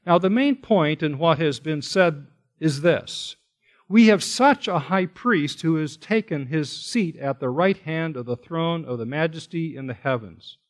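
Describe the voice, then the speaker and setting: Male preacher with a somewhat high voice, leading an expository sermon, pointed and emphatic. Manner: emphatic, slows down and stresses key words; asks rhetorical questions of listeners. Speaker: pastor. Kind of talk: expository Bible teaching sermon.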